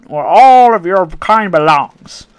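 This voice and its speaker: A man putting on the voice of a cranky elderly woman who scolds in a shrill, ranting way. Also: animated, takes it slowly, clean tone, no room sound, muffled recording.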